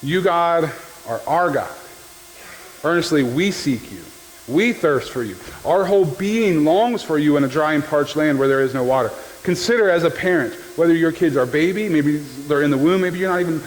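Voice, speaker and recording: Male pastor, casual jokey sermon delivery, slightly raised pitch, faint room noise. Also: moderate pace. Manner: conversational and joking, often checks in with "right?". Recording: long hall reverb with faint background noise.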